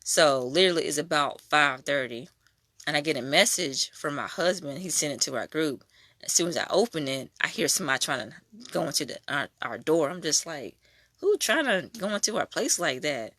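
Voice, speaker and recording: A young adult woman giving a casual spoken faith testimony, telling her story in an animated way. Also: sits low, a little fast, no room sound, studio quality. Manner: animated storytelling, acting out quoted voices.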